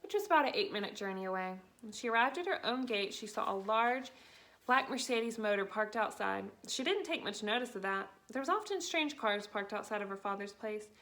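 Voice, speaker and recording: A woman narrating a children's book aloud with steady, clear storytelling. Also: medium pitch, brisk.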